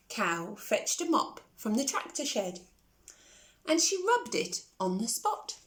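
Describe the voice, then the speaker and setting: Animated woman reading a children's story. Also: sits high, a little slow. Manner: animated, asks the listener questions. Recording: echoey room.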